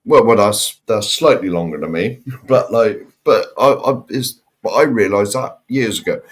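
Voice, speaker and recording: A man's voice: fairly low pitch, normal speed, husky. A man co-hosting a football fan podcast, speaking bluntly and cynically about his club. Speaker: podcast co-host. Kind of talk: casual football chat.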